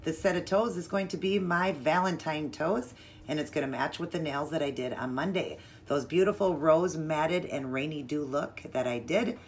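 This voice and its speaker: A woman with a notably low voice walks through a nail art design step by step. She chats casually and explains each move as she works, relaxed and unhurried. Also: a little hiss or hum. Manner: chatty, relaxed, explains while working.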